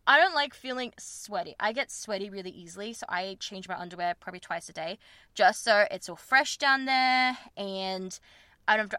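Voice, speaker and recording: A woman's voice: medium pitch, bright, forceful tone, no room sound, clean studio sound. A young woman, hosting a podcast and talking frankly and rambling about her personal life, with lots of fillers and self-conscious laughs. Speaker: podcast host. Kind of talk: candid personal chat.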